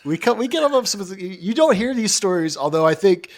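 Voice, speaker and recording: Speaking fairly quickly in a high voice with big pitch swings, an American podcast co-host relays a true crime story through joking, rambling banter and scornful side comments. The sound is dry.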